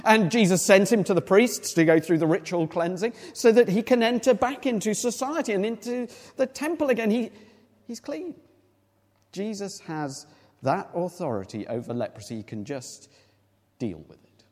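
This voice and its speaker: A man's voice: sits high, animated, moderate pace, darkish tone, long reverb tail. A man preaching a sermon, explaining a Bible passage in a conversational way with rhetorical questions to the congregation.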